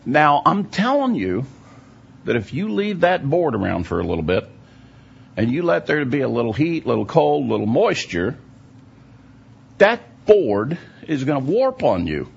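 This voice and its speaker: A man's voice: mid-range voice, big pitch swings, a little slow, creaky, slightly rough. A man giving a teaching sermon, explaining at length and often checking in with his listeners. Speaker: Bible teacher. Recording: dull lo-fi recording.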